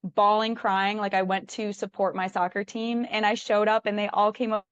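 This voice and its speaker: A woman's voice: mid-range voice, little pitch movement, normal speed, clear, resonant tone, dry recording. A woman guest telling her own story in casual chat, acting out her thoughts with lots of "like". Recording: dull lo-fi dry sound.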